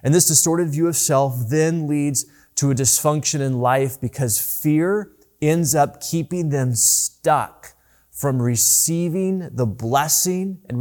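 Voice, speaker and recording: A male pastor delivers a sermon from the church pulpit in a mid-range voice. He speaks earnestly and builds intensity on the scripture he reads, then slows and lingers over key phrases. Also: medium pitch, a little mellow. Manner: earnest preaching, rises and slows to stress scripture.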